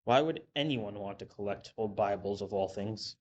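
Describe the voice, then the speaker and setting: A man's voice: on the low side, moderate pace, a little mellow, dull audio, lightly acted. A man voicing an impatient wife who complains and makes demands, in a storybook reading. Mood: exasperated. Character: nagging impatient wife, adult woman.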